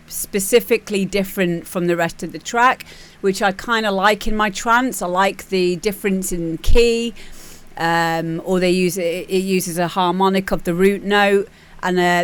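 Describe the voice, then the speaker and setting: A young British woman hosting a music demo stream, chatting casually and rambling into animated bursts as she acts out scenes. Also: on the low side, smooth. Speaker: show host reviewing music demos. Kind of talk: casual livestream chat.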